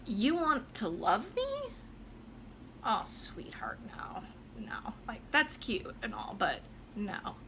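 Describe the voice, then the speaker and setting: A woman's voice: a little high, sing-song, measured pace, hardly any pauses, sharp tone, a little hiss or hum, heavily acted. A woman voicing a flirtatious, sassy party hostess who brushes off a suitor and then scolds herself. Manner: breezy, sassy, talks to herself.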